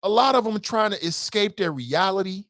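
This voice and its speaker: A man hosting a casual call-in talk show, reading listener comments aloud and riffing on them in a blunt, animated way, swearing freely. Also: high-pitched, moderate pace, dry recording, clean studio sound.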